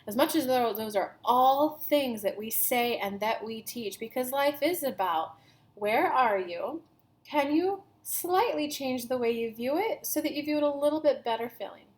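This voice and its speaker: A woman with a high-pitched, animated, slightly mellow voice speaks at normal speed while giving a channeled spiritual talk. She speaks as a collective "we," refers to herself in the third person, and repeats key phrases earnestly.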